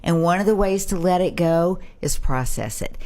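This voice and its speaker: A woman's voice: fairly low pitch, normal speed, a little mellow. A middle-aged woman, a brain health expert, giving advice in a casual panel chat and acting out little exchanges.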